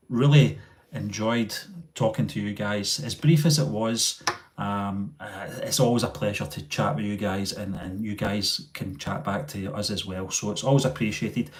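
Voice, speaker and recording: Man, low-ish voice, live chat host, rambling, phone mic. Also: a little mellow. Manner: rambling, many fillers and restarts. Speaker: channel host. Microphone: mobile phone.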